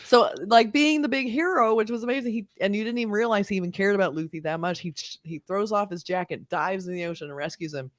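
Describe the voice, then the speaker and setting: A woman's voice: mid-range voice, fast, few pauses, no room sound, studio quality. A woman co-hosting a casual anime review chat, retelling scenes and acting out the characters' lines. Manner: animated, acts out scenes in character voices. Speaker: movie review co-host.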